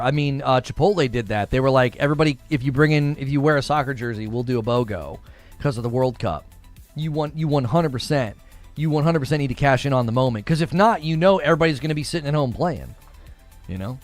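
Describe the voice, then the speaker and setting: A man hosting a casual livestream, chatting about news and reading viewer messages in an animated way, laughing often. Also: medium pitch. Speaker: livestream host.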